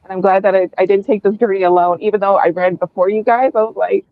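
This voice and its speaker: A woman's voice: medium pitch, steady tone, quick pace, no room sound. Woman ranting about books, swears a lot, sounds like a thin phone line, really dry. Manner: blunt, profane and emphatic when ranting. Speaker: book club host. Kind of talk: casual podcast discussion. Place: remote video call.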